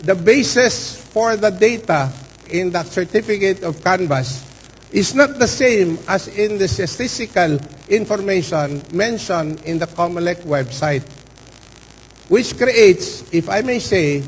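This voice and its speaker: A man gives a formal statement at a public hearing, speaking slowly and pressing on his key words. His voice sits high. The sound carries a long echo of a large hall, with a faint hum underneath. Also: expressive. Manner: deliberate, stresses key words. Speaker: party representative at an election canvass hearing.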